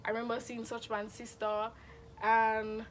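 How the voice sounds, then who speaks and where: A young woman chats through a dramatic storytime, animated and expressive. Her voice sits a little high. A faint hiss lies under the recording. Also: a little slow. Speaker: vlogger. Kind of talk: casual storytime.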